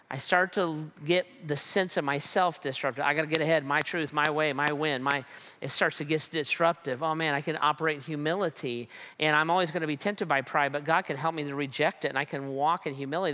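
A man's voice: fairly high pitch, pushed and bright. A man preaching a sermon with emphatic repetition and rhetorical questions. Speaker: pastor.

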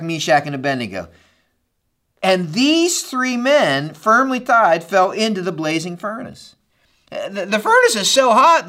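Animated male preacher with lively pitch. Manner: animated storytelling, acts out quoted lines; asks the listeners "right?" often. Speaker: pastor. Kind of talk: sermon.

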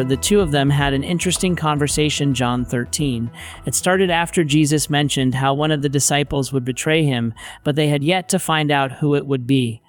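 A man's voice: on the high side, dry recording. A man narrating a Bible story in a conversational way with modern paraphrases, on a close studio mic.

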